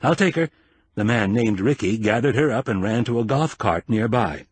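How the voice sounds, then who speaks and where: A man narrating an audiobook in a measured, expressive storytelling manner. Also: on the low side, slightly rough, no echo.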